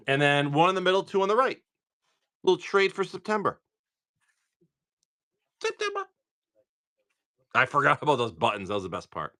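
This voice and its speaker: A man's voice: on the high side, huge pitch swings, moderate pace, long pauses, pushed and bright. A man hosting a live card-break stream, chatting casually and rambling, with frequent restarts.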